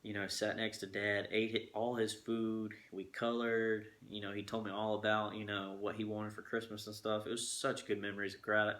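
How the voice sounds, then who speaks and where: A man's voice: lowish voice, pushed and bright. A young man, casually chatting to his viewers from his living room, rambling with laid-back asides. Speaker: vlogger. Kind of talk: casual chat to camera.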